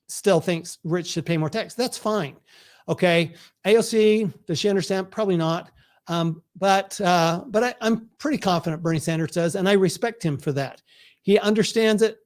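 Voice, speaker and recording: High-voiced man hosting a launch. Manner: earnest, responds to viewer comments. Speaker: author hosting his book launch. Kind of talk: live online launch talk. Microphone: video call setup.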